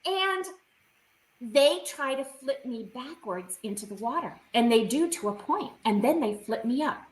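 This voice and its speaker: A woman's voice: a little high, animated, measured pace, reverberant, a little hiss or hum, poor audio. A woman guest on a video call, recounting a personal experience in vivid, emotional detail.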